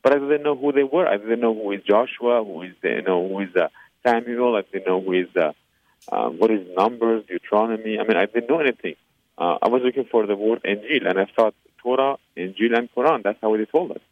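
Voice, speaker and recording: A man's voice: lowish voice, brisk. Earnest man. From Iran. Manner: earnest, with frequent hesitations and fillers. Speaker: interview guest. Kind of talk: personal faith testimony. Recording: tinny phone-line sound, dry.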